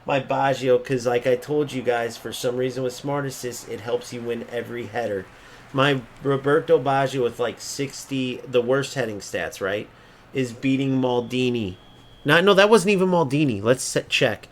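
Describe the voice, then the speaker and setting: A man at an ordinary middle pitch rants through his football video game match, cursing constantly and mocking his opponents. He drops to low mutters, then bursts out loud again. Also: moderate pace, slight background noise. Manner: angry, profane, swings between mocking and muttering. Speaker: gaming streamer. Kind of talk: ranting live gameplay commentary.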